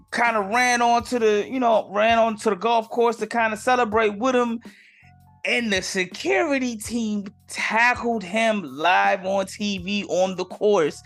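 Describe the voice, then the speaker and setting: A man with a fairly high voice talks through the week's sports news as a podcast host, loose and conversational. He drops "bruh" and "man" into exasperated asides. Faint music plays under his voice. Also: bright, forceful tone. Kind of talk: casual sports commentary.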